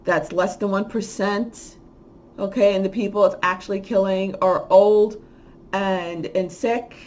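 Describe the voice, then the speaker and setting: A woman hosting a spiritual talk, speaking in a loose, rambling monologue. Her voice sits at an everyday middle pitch. She restarts sentences often and swings from hushed musing into loud, exasperated ranting. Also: fairly even intonation, unhurried. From lives in Miami. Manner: starts quiet and low, grows loud and heated, ranting; rambling with frequent restarts and fillers. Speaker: spiritual channel host. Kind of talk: casual monologue.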